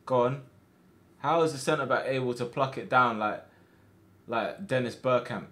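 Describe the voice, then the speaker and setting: A man streaming a football management game, reacting out loud with groans and cheers as he commentates. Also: medium pitch, measured pace. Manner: excitable, shouts at players, swings between groans and cheers. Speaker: gaming streamer.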